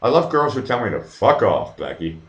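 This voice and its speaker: A man's voice: mid-range voice, sing-song, moderate pace, a bit bright, lo-fi sound. A middle-aged man hosting a live stream, rambling casually, swearing freely and reading viewers' chat aloud with many fillers and restarts. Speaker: livestream host.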